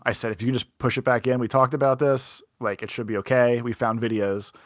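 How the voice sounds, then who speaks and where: Young dude rambling thru a story on a podcast, lots of "like", dry mic, no room. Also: male voice, mid-range voice, fairly even intonation, a little fast, hardly any pauses, a bit bright, dry recording. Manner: rambling anecdote with lots of "like" and quoted dialogue. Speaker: podcast co-host. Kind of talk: casual storytelling chat.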